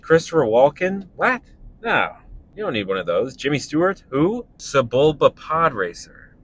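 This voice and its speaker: A young man, a stand-up comedian, talking casually and animatedly while driving, breaking into laughs and quick voices. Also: a little high. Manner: animated, laughing, jumping into impressions. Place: car.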